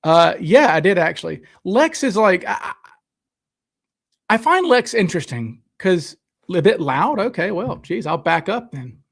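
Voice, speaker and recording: Gravelly man rambling on a live stream. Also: high voice, sing-song, unhurried, fairly bright tone. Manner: casual, reads out chat comments and answers them. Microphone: desk microphone, sometimes too close.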